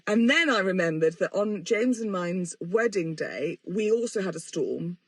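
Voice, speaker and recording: A woman's voice: lowish voice, lively intonation, a little slow, no echo. A woman, hosting a podcast in a rambling, self-mocking and sweary casual chat. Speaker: podcast host. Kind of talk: casual chatty monologue.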